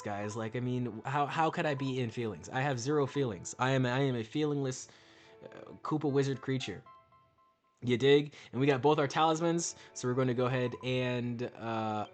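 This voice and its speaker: A young man hosting a game video, mixing casual gameplay commentary with playful, slangy pep talk. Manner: playful, slangy, lively swings in pitch. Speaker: gaming video host.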